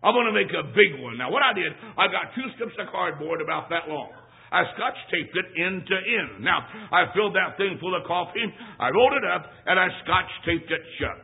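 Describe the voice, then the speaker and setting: A man's voice: sits high, animated, normal speed. A man preaching a sermon, telling a folksy story from his boyhood in an emphatic way and repeating phrases for effect. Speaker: traveling preacher. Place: church. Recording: tinny phone-like recording.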